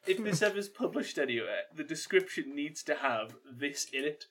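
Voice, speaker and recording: A man's voice: a little high, big pitch swings, normal speed, fairly bright tone. A man co-hosting a comedy podcast, a bit tipsy from gin, joking crudely and running himself down. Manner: crude, self-deprecating jokes. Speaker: podcast co-host. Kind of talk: casual comedy chat.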